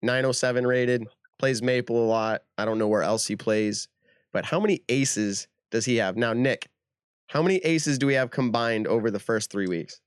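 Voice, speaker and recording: A man's voice: mid-range voice, normal speed, smooth, no echo, clean studio sound. A man hosting a podcast game segment, laughing often and keeping the quiz moving with upbeat patter. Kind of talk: casual chat.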